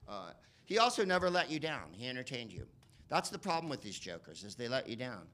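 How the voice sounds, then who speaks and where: A man performs a loose stand-up set, swearing freely and bouncing between tangents and voice impressions. His tone is very bright and sharp. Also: medium pitch, fairly quick. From United States. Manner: rambling, profane, animated impressions. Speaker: comedian and podcast host. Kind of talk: stand-up comedy.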